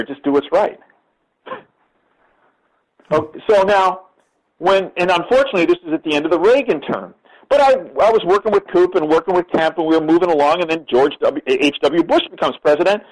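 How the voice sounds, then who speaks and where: A man's voice: on the high side, low-quality recording. Older man telling stories in an interview. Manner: emphatic, repeats words when starting sentences. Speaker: interview guest. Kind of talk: conversational interview storytelling.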